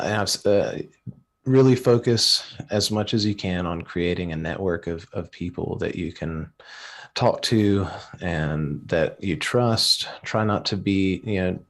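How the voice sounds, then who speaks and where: A man co-hosting a casual livestream podcast, talking in a laid-back, earnest, halting way. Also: lowish voice. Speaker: podcast co-host.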